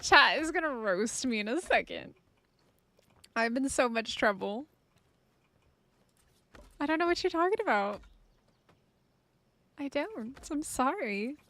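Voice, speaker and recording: A woman's voice: sits high, expressive, slow, long pauses, pushed and bright, dry recording. A woman streaming a survival game, chatting playfully with her viewers and laughing often. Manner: playful, giggly, chats with viewers. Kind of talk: casual live-stream chat.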